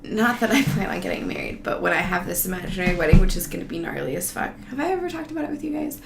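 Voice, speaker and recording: A woman's voice: fairly low pitch, big pitch swings, very fast, gravelly. A woman talking in a loose, meandering, profane way, giggling as she vlogs casually to her viewers. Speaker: vlogger. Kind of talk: casual rambling monologue. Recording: roomy echo, faint background noise.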